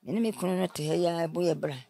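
Gravelly-voiced woman in her nineties. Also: lowish voice, racing, dry recording. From Ghana. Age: 90s. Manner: animated, advising, acts out quoted speech. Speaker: interviewee. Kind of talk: storytelling interview.

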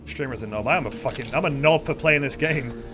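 A man's voice: medium pitch, fairly quick, music in the background. A man streaming a horror game, commenting casually with sarcastic, exasperated swearing.

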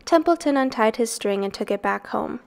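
A woman reading a children's novel aloud in a soft, even storytelling voice. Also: a little high, normal speed, creaky. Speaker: reader.

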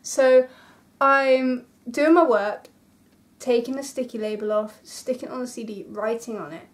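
Young woman vlogger, high voice, casual storyteller, dramatic and animated, talks straight to her viewers. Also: a little slow.

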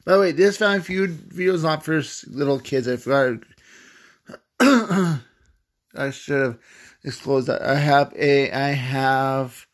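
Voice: mid-range voice, measured pace. A player giving casual gameplay commentary who stumbles over reading words aloud, swears casually and keeps breaking into laughing coughs. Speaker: gamer playing a search-guessing game.

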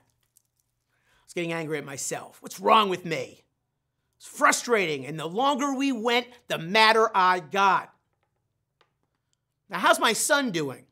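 A middle-aged sales trainer tells a self-mocking story during a live online training session, directing questions straight at his audience. His voice sits high and sounds pushed and bright.

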